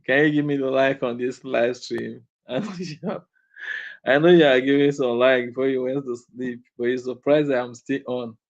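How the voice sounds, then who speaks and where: A man's voice: mid-range voice, steady tone, moderate pace. A man live streaming and chatting casually with his viewers, teasing and chuckling, repeating lines as he reads comments, sounding sleepy. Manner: laid-back, teasing, chuckles often, repeats himself. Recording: slightly dull lo-fi audio.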